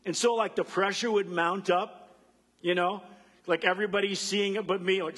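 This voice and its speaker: A man giving a sermon as a pastor, animated, acting out voices of the people he quotes. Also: high voice, moderate pace, big-room sound.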